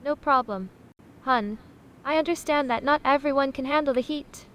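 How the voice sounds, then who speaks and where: A woman's voice: high-pitched, moderate pace, dull audio, lightly acted. A text-to-speech woman's voice playing a sassy, self-important AI chatbot that calls itself a sausage, haughty and condescending, calling people honey. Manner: haughty, dramatic, condescending, says honey a lot.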